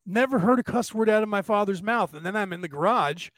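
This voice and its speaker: Male host, high voice, dry close sound, animated storyteller who plays out the quotes. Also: fast, no echo. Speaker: podcast host. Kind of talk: casual storytelling conversation.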